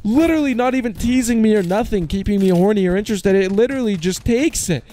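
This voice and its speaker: A young man in his twenties giving excitable, casual commentary as he plays an online slot, groaning at losses and shouting at wins. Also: sits high, fast talker, a little hiss or hum. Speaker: slot streamer.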